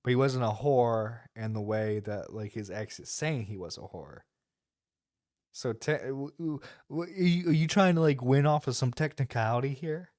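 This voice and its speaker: A man's voice: mid-range voice, lively intonation, moderate pace, a little mellow, no echo, studio quality. A man reacting to a livestream clip, laughing and mocking crudely for his chat. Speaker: streamer reacting to clips. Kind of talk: reaction commentary.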